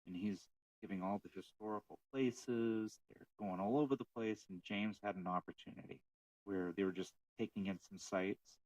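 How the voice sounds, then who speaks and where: A man co-hosting a casual podcast about faith, telling stories with animated retelling of what others said. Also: on the low side, normal speed, no echo, far from the mic, poor audio. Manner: storytelling, animated retelling of quotes. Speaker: podcast co-host.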